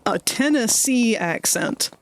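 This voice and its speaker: A woman's voice: on the high side, lively intonation, takes it slowly, a little hiss or hum. A woman from Maryland chatting casually on a livestream while playing a game, rambling through stories with self-deprecating asides. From Maryland, United States. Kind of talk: casual chat while gaming.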